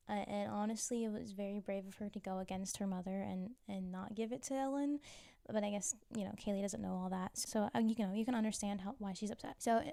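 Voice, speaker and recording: A woman's voice: medium pitch, dark tone, no room sound, studio quality. A woman recapping TV episodes in a chatty, wry way, full of casual filler and teasing asides. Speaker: TV show recapper.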